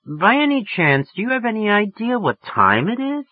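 A man's voice: high-pitched, big pitch swings, moderate pace, pitched above the performer's own voice. A man reading an audiobook, voicing a sleepy, irritable woman woken by a late phone call who turns affectedly friendly. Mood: prim. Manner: snappish, turning affectedly friendly and prim. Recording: muffled lo-fi recording.

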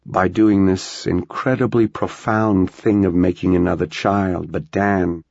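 A level-headed, firm wife and mother, as a gravel-voiced male narrator puts her on, talking softly and evenly. The voice sits low and grainy. The recording is dry and a little muffled. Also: fairly even intonation, a little slow, no echo, exaggerated voice.

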